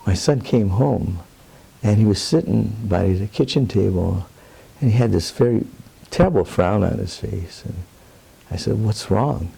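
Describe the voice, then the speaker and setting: A man's voice: lowish voice, animated, a little slow, vocal fry, mellow, breathy edge. An older man being interviewed, telling a personal story in an earnest, plainspoken way with rambling asides. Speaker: interviewee, Roma advocate.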